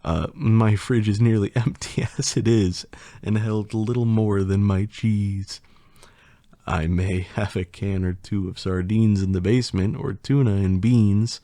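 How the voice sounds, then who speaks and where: A man's voice: fairly low pitch, steady tone, unhurried, mellow, dry recording. A man reading a playful poem for an ASMR video, repeatedly breaking into laughter as he reads. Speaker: ASMR creator.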